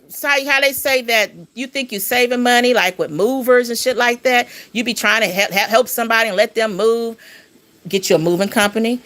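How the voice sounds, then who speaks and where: Gravelly-voiced woman telling a long story. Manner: animated, rambling, rising pitch on emphasis. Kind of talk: casual storytelling.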